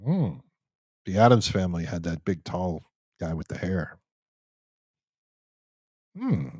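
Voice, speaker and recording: A man's voice: low voice, a little mellow, no echo. A man hosting a live Q&A stream, chatting casually as he reads out viewer comments and jokes around with many restarts. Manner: rambling and joking, many restarts.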